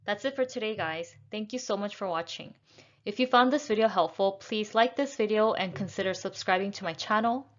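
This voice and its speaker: A woman teaching English pronunciation, speaking deliberately and repeating words with the stress shifted. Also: mid-range voice, highs cut off. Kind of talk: slow, careful pronunciation lesson.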